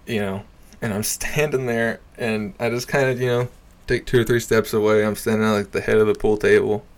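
A man's voice: fairly even intonation, a little fast. Profane young man telling a bar story. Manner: profane, laughing often, trailing off into low mutters. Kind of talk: casual storytelling.

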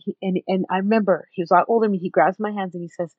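A woman's voice: mid-range voice, rapid-fire, few pauses, breathy edge, dry recording, narrow, tinny audio. A woman guest in an interview, telling her own story emphatically and acting out what others said to her. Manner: emphatic, animated, acts out other people's words.

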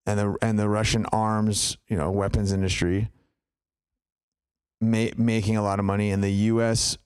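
A man's voice: lowish voice, flat delivery, moderate pace, darkish tone, clean tone, no room sound, clean studio sound. A man co-hosting a podcast, talking in a loose, rambling way full of fillers and tangents. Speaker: podcast co-host. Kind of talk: casual chat.

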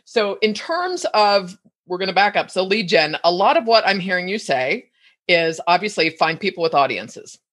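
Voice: medium pitch, animated, normal speed, a bit bright. A podcast host asking rambling, chatty questions and wrapping up an interview. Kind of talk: casual interview chat.

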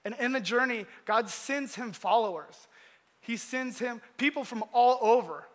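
A man giving a casual storytelling sermon, animated and slangy. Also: extremely high pitch, a little slow. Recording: long hall reverb.

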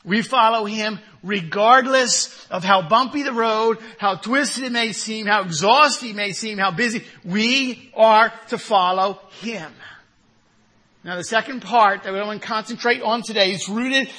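A male pastor preaches an emphatic sermon, repeating rhetorical questions and shouting one-word commands. His voice is high-pitched and slightly rough, and he speaks unhurriedly.

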